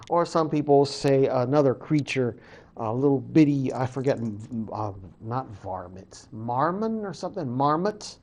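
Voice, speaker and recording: A man, a college professor, casually retelling a creation story in a lecture, animated and full of fillers. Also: mid-range voice, moderate pace.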